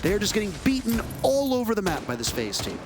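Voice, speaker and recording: A man casting an esports match play-by-play, excitable and jokey, pitching up sharply on big plays. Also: fast talker, music in the background. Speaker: esports caster. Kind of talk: play-by-play commentary.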